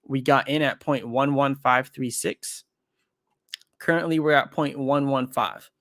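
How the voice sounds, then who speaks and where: A man talks casually on a livestream, rambling and correcting himself mid-sentence as he thinks aloud. His pitch sits in the middle for a man. The sound is dry and close to the mic. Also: steady tone, a little slow, a bit bright, no echo. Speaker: crypto trading streamer.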